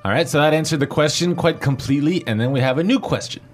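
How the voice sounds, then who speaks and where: A man's voice: fairly high pitch, fast, faint music behind. A man hosting a language lesson who patiently explains grammar and spells out pinyin letter by letter.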